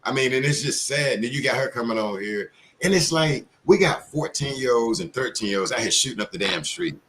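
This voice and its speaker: A man hosts an online panel and talks in a heated, rambling way. He is blunt and swears freely, speaking at an everyday pitch. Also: expressive, brisk, fairly bright tone, slight background noise. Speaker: panel show host. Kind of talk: heated casual panel talk.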